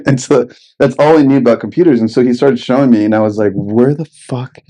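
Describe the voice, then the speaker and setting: A man's voice: medium pitch, quick pace, warm tone. A young man telling rambling, expletive-laden stories in a casual podcast chat. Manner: rambling anecdotes, heavy swearing.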